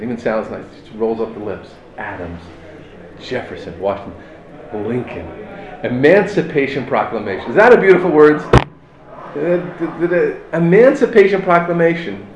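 A man giving an impassioned yeshiva talk, full of rhetorical questions and Hebrew and Yiddish terms, building from calm explanation to near shouting. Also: medium pitch, moderate pace, long pauses, echoey room, crowd noise. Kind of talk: sermon.

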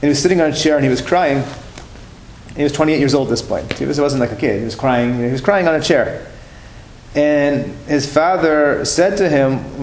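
A religious teacher tells religious stories in a class, speaking conversationally and repeating and restarting phrases. His voice is fairly high and his pace moderate. The room sounds roomy, with faint noise.

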